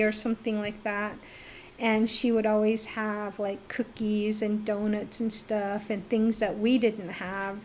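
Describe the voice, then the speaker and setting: A middle-aged woman from the Navajo Nation, telling her life story as a podcast guest in a lively, animated way. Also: medium pitch, unhurried, a little hiss or hum. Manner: animated storyteller who acts out remembered voices. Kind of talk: personal storytelling in a casual interview.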